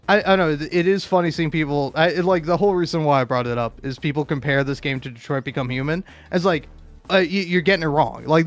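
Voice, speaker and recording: Male game streamer, fairly high voice, profane, rambling, faint music beneath. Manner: rambling, profane, stammering restarts. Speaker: gaming video host. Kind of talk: casual ranting commentary over gameplay.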